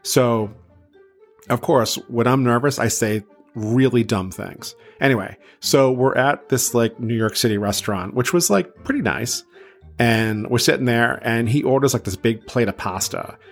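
A man in his thirties, from south of Boston, hosting a podcast and telling a story in a chatty, self-deprecating way with many fillers. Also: on the low side. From south of Boston, USA. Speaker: podcast host.

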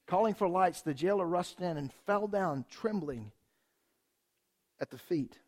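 A man preaching a sermon in a church, conversational and energetic, asking the congregation rhetorical questions. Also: sits high, unhurried. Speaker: pastor.

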